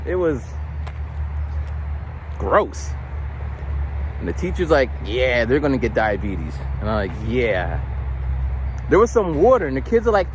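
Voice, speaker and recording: Animated, rambling man vlogging outdoors. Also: mid-range voice, measured pace, long pauses, a little hiss or hum. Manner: rambling, animated storytelling with stammered restarts. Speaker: vlogger who works lunchroom duty at a school. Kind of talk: casual vlog chat. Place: outdoors in cold weather, near a bridge.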